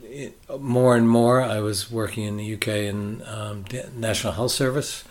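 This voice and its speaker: An older man with a Boston American accent, a consultant guest talking in a relaxed, reflective and halting way. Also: fairly low pitch, slight background noise. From United States. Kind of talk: conversational interview.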